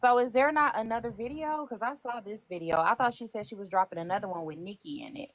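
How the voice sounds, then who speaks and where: A woman's voice: fairly high pitch, fast, dry recording. A woman teasing the others in a casual live gossip chat. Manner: teasing, animated.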